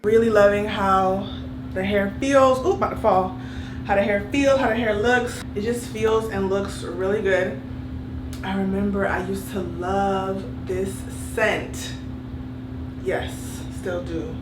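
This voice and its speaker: A woman's voice: medium pitch, steady tone, slow, over music. Chatty woman in an echoey bathroom. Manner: chatty and candid, talks through her routine. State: out of breath. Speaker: hair care vlogger. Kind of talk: casual vlog talk. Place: bathroom shower.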